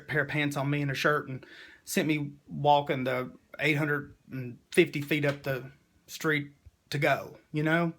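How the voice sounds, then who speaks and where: A man's voice: on the high side, fairly bright tone. A man giving an emotional, preachy personal monologue to his viewers. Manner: emotional, preachy, Southern-style "y'all" talk. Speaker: vlogger.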